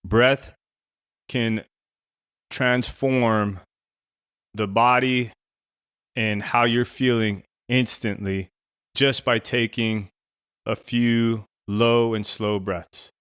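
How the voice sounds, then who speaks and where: Man, middle-aged, smooth voice, dry close sound, casual storytelling with fillers. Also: medium pitch, fairly even intonation, very slow, pauses often, a bit bright, dry recording. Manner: conversational, many fillers like "you know" and "right". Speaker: former Navy SEAL and coach.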